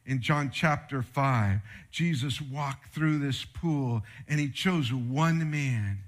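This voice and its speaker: A man preaching a sermon with slides, telling stories in an animated, conversational way. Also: medium pitch, slow. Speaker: pastor.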